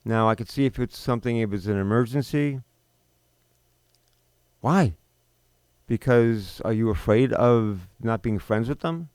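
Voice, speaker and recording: A man's voice: medium pitch, a little slow, pauses often, a little mellow, clear, resonant tone, no echo. A man in his fifties hosting a talk show, delivering an unscripted, indignant monologue full of rhetorical questions and restarts. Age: 50s. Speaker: podcast host.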